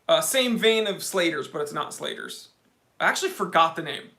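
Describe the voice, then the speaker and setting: Bright-voiced man ranting comically. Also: fairly high pitch, sing-song, moderate pace, gravelly. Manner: talks to viewers by name. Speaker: livestream host. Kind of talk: casual livestream chat.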